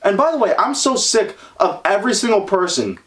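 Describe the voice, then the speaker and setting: A man's voice: sits high, sing-song, a little fast, fairly bright tone, far from the mic. A young man hosting a self-improvement podcast, talking bluntly with lots of swearing and a preachy edge. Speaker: podcast host.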